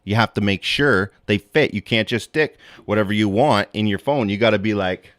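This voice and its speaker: A middle-aged man with a low voice hosts a casual live stream, rambling and profane and laughing at his own jokes. The sound is dry and close. His talk drifts from topic to topic in an easy, offhand way. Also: normal speed, hardly any pauses, a bit bright, no echo.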